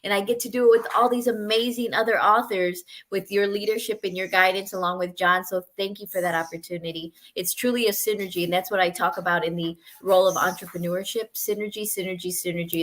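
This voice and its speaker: A woman speaking as a guest author on a video call, energetic and effusive. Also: on the low side, a little fast, few pauses. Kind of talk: casual chat on a video call.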